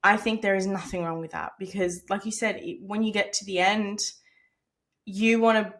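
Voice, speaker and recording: A woman's voice: medium pitch, steady tone, moderate pace. A woman hosting a podcast, talking in a casual, encouraging, chatty way. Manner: warm, encouraging, casual with swearing. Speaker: podcast host. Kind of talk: casual interview chat.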